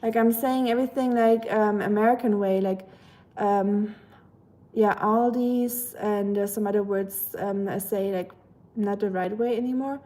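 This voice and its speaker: A woman's voice: medium pitch, steady tone, measured pace, warm tone. A young German woman hosting a casual livestream, chatting with viewers and rambling with lots of fillers, sounding tired. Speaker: livestream host. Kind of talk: casual livestream chat reading comments.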